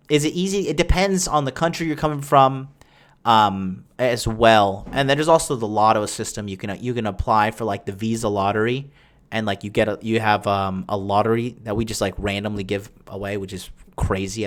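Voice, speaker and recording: Listener questions get answered by a young male podcast host with a lowish, fairly bright voice. He talks crudely and boastfully, rambling casually with many fillers and restarts.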